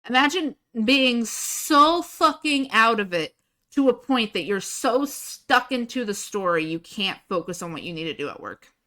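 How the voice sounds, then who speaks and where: A woman's voice: on the high side, lively intonation, measured pace, bright, forceful tone. A young woman livestreaming, chatting casually with her viewers in a rambling way, laughing often and swearing freely.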